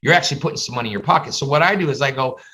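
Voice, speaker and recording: Man, instructor type, lively storyteller, bright tone, call audio. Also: rapid-fire, low-quality recording. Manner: animated, acts out little dialogues in higher voices. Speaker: face painting business instructor. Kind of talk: casual teaching on a video call. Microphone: video call.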